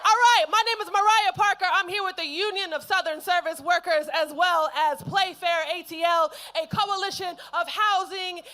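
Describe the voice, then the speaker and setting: A woman organizer speaking at an outdoor rally, warming up the crowd before introducing her coalition. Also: very high voice, normal speed, hardly any pauses. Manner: energetic crowd warm-up. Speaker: labor organizer. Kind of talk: rally speech.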